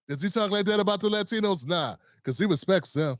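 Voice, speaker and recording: A male commentator on his own show, ranting in a heated, mocking voice. His voice sits high for a man. The sound is dry and close-miked. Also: lively intonation, fairly quick, hardly any pauses, a bit bright, no room sound. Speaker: host. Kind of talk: political commentary rant.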